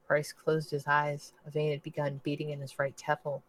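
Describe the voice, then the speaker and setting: A man, the podcast host, reading a novel aloud in a measured, low-key way. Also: monotone, a bit bright, a little hiss or hum, rough recording. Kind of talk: audiobook narration.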